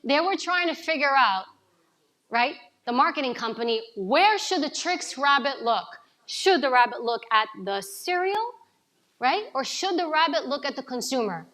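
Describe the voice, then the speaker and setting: A woman from New giving an energetic coaching talk to a live audience, asking them questions. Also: sits high, normal speed. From New York City. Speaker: speaker at a summit.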